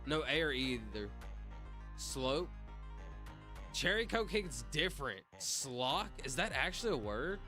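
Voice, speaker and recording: A young man talks casually on a livestream, slangy and reactive as he answers his chat. His voice is bright, pitched a little high and swings widely. Faint music plays underneath. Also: big pitch swings, a little slow, long pauses. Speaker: streamer.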